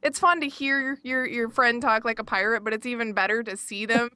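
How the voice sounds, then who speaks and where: A woman's voice: on the high side, steady tone, fairly quick, pushed and bright, a little hiss or hum. A young woman co-hosting a casual gaming podcast, giggly and teasing. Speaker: podcast co-host. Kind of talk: casual chat.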